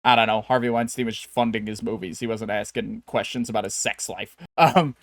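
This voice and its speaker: Fairly low in pitch and fairly even in intonation, this man talks fairly quickly as a podcast co-host. The studio-quality recording is dry, and his casual chat rambles with lots of fillers and restarts.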